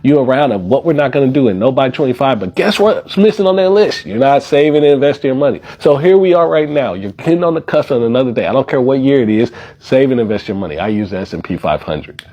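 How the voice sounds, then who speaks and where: A man's voice: medium pitch, animated, fast, dark tone. A man giving direct, lecturing personal finance advice.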